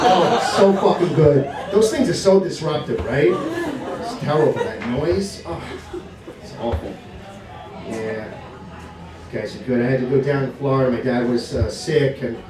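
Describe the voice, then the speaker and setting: A middle-aged man doing a stand-up comedy set, brash and swearing, shouting his punchlines at a live crowd in a bar. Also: mid-range voice, far from the mic. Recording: echoey room, from afar, crowd laughter.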